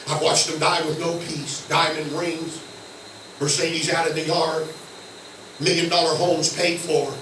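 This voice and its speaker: An older man with a Southern American accent preaching a sermon, telling folksy stories that swing from hushed low tones to loud shouts. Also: a little hiss or hum. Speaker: guest preacher. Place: church sanctuary. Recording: echoey church from far off.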